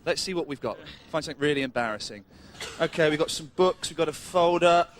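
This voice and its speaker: A man's voice: fairly high pitch, fast. A man doing a mock news report and cheeky, provocative street interviews outdoors. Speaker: comedy reporter.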